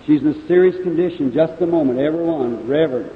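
High-voiced guy preaching at a healing revival, long hall echo, sounds like a thin old phone-quality tape. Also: fast talker, a little hiss or hum. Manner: addresses audience members directly, calls out ailments. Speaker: evangelist preacher. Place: large meeting hall. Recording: echoey hall on a tinny old 1950s tape.

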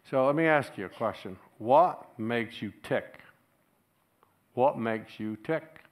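Male pastor, lowish voice, chatty storyteller who laughs a lot while preaching in church. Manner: storytelling, chuckles often, animated when quoting others. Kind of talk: sermon.

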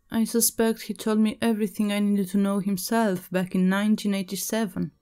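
A woman narrating a first-person horror story in a measured, even storytelling manner. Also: mid-range voice.

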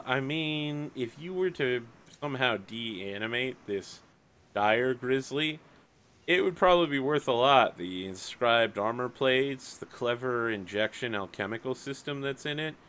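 A man runs a tabletop game as its game master, narrating what happens in a relaxed, joking way. He laughs often while he describes the action, and his voice sits at an ordinary middle pitch. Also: measured pace, slight background noise.

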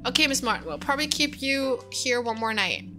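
A woman voicing a brisk, bossy female hospital doctor who leads rounds in a game, with clipped, commanding lines. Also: sits high, lively intonation, bright, forceful tone, faint music behind.

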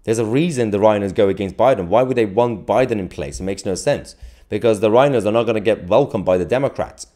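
A man's voice: fairly low pitch, quick pace, dark tone. A man hosting a political live stream, chatting casually and jokily as he reads viewer comments, with frequent chuckles and rambling asides. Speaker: political livestream host.

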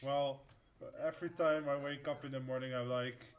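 A man's voice: mid-range voice, fairly even intonation, normal speed, very noisy. A man co-playing a video game, chatting in an easygoing way and laughing along with the host. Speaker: co-player. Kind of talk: gaming commentary banter.

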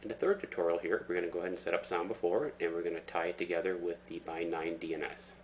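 A man giving a relaxed, step-by-step screen-recorded tech tutorial, talking through each command with fillers. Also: sits low, quick pace, a little hiss or hum. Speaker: tutorial presenter.

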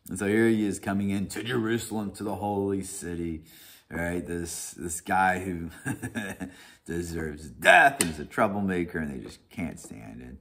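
A man's voice: deep voice, a little slow. A man leading a Bible study, reading scripture and then talking it over loosely, with frequent restarts, "right?" and chuckles. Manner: animated, many restarts and "right?", chuckles often.

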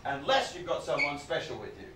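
Brief: man doing stand-up storytelling, fairly high voice, noisy distant room recording. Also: fairly quick, reverberant. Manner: animated, punchy delivery with sudden loud outbursts. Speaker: comedian.

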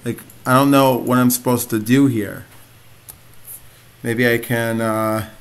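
A man's voice: mid-range voice, level tone, slow pace. A young man commenting on his own gameplay, frustrated and self-mocking. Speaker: gamer. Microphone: desk mic. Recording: noisy home mic with clicks.

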